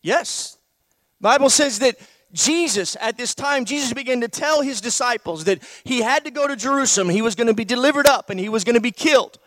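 A man's voice: very high voice, lively intonation, a little fast, fairly bright tone, no room sound. A man preaching a sermon, posing one rhetorical question after another to his congregation.

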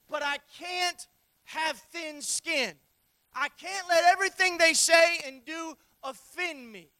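A man preaching a sermon in an emphatic, repetitive style with folksy phrasing, swinging between loud and soft. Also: very high voice, slow pace, no room sound, studio quality. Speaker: pastor.

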